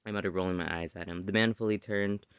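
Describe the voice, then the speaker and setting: A man reading his original story aloud in steady first-person narration. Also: low voice, fast talker, clear, resonant tone, no echo, narrow, tinny audio. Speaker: story reader.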